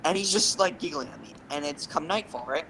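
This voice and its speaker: A young man and podcast co-host telling rambling, animated gaming anecdotes, swearing freely. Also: on the high side, fairly quick, noisy background. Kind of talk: casual storytelling.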